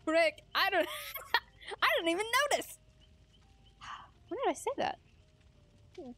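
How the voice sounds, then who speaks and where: A woman's voice: very high voice, expressive, slow, a bit bright, no room sound. A young woman livestreaming, chatting casually with her viewers, giggling often and swearing lightly.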